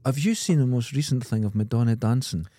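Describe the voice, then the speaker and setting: A man's voice: medium pitch, brisk, mellow, no echo, clean studio sound. A Scottish man co-hosting a podcast, telling sweary, teasing stories in casual chat. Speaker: podcast co-host.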